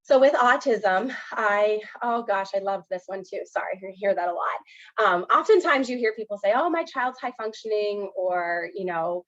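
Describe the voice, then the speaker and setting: A woman's voice: mid-range voice, animated, moderate pace, a bit bright, muffled recording. A woman counselor giving an educational presentation, speaking earnestly, with frequent fillers such as "um" and "you know".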